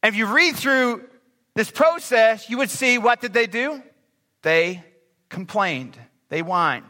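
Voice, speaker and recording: High bright-voiced male preacher in a hall. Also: normal speed. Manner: animated, acts out complaining voices. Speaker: pastor. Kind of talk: sermon. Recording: reverberant hall.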